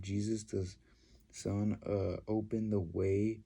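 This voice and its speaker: Man, casual scripture retelling, halting speech, lots of fillers, very low voice. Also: level tone, vocal fry, a little mellow. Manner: halting, full of "you know" and "uh"; heartfelt, devotional. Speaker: host retelling a Bible story. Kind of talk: casual storytelling with commentary.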